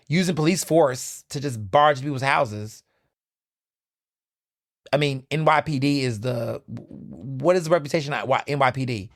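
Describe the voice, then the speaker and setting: A man's voice: on the high side, a bit bright, no room sound, clean studio sound. A young man from the American South hosting a podcast, ranting in opinionated solo commentary with profane, emphatic outbursts. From Southern United States. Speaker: podcast host.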